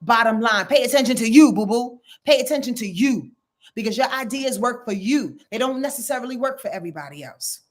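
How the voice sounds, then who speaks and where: A woman astrologer giving a casual weekly rundown, blunt and profane, talking straight to her viewers and swinging between loud and low.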